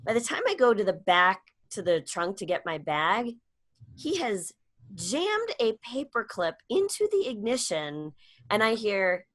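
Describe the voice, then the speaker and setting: A middle-aged woman, a comedian and speaker, telling a personal story in a casual interview, acting out quoted lines with sudden high-voiced jumps. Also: sing-song, measured pace, a bit bright. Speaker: guest, comedian and public speaker.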